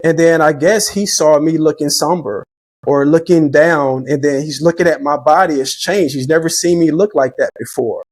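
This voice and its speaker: A man's voice: on the high side, moderate pace, no room sound. A middle-aged man telling personal stories as a podcast guest, reflective and earnest, often restarting his sentences. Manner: reflective, faith-driven, repeats words when starting sentences. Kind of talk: earnest conversational storytelling.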